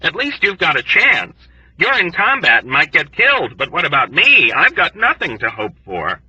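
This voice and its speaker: A man's voice: a little high, wildly swooping pitch, moderate pace, pushed and bright, breathy edge, dry recording, dull audio, voice pushed up, exaggerated voice. A man reading an audiobook, voicing a self-pitying male military doctor who whines and complains mournfully. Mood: whining.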